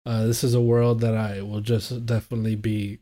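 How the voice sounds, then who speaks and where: A man with a mellow, dark-toned voice talks games as a podcast co-host. He is casual and enthusiastic, with loose phrasing and plenty of fillers. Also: on the low side, little pitch movement, a little fast. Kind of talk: casual chat.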